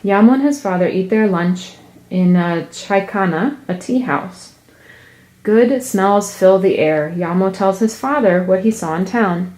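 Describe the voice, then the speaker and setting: A woman reading a picture book aloud, narrating slowly and deliberately in a soft voice. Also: fairly low pitch. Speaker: storyteller.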